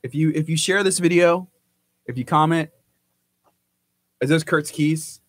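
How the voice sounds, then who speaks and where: A man's voice: on the high side, measured pace, no echo. A man co-hosting a morning show, chatting casually, laughing a lot and reading viewer comments aloud with a teasing manner. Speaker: radio show co-host. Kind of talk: casual chat on a live-streamed morning show.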